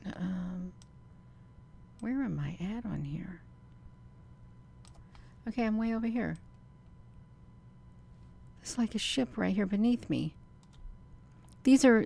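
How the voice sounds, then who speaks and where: A woman, talking excitedly to her viewers as she comments on a screen in a casual livestream. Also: medium pitch, gravelly, a little hiss or hum. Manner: excited, talks to viewers as "you all". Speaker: video creator.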